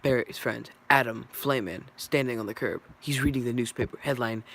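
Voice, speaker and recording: A man's voice: mid-range voice, normal speed, gravelly, a bit bright. A man casually reading a script aloud, stumbling and correcting himself as he goes. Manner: stumbling, self-correcting, offhand. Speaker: reader.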